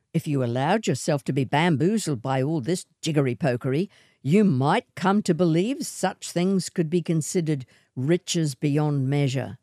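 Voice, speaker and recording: Slow, mellow woman reading a story. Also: low-pitched, dry recording, clean studio sound. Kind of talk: scripted short story narration.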